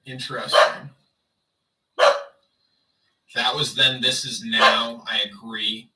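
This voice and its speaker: Guy streaming and chatting w viewers, sarcastic, rambly, sharp bright tone. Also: mid-range voice, flat delivery, slow, recorded from a distance, slight background noise, low-quality recording. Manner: rambling, sarcastic, talks to chat. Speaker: livestreamer. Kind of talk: casual livestream chat.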